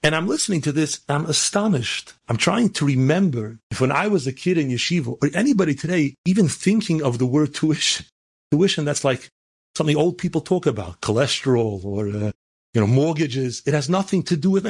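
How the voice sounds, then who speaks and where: A rabbi delivers a storytelling sermon, moving from anecdote to fervent exhortation. His voice sits fairly high for a man and has a gravelly, husky texture. He peppers his speech with Hebrew and Yiddish terms. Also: lively intonation, brisk. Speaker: rabbi and speaker.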